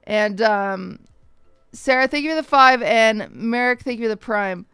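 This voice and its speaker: A young woman streaming to her chat, telling a long story in a lively, casual way and slipping into the voices of the people in it. Her voice sits a little high and comes through clean and smooth. The sound is dry and close, with no room around it. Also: unhurried, dry recording, soft background music. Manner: animated, acts out quoted voices, swears casually.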